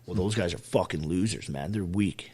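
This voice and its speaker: An army veteran from Ontario, Canada tells his story as a podcast guest in a casual interview. His voice is low, dark and slightly rough at a moderate pace, and he is blunt and emphatic, swearing constantly.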